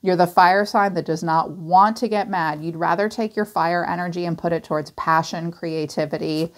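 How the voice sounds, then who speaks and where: A woman's voice: on the low side, steady tone, moderate pace. A woman giving a casual, chatty tarot reading, acting out quoted voices and swearing now and then. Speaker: tarot reader.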